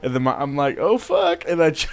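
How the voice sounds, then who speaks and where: A man's voice: medium pitch, fairly even intonation, very fast, smooth, no echo. A man in his twenties co-hosting a casual podcast, telling a story with frequent restarts and laughter. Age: 20s. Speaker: podcast co-host. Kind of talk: casual chat.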